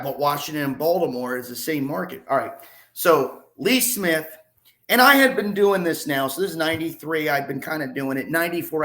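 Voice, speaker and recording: A man in his forties, a podcast guest and sports reporter, telling animated, self-deprecating stories in a rambling way. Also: mid-range voice. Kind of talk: casual storytelling.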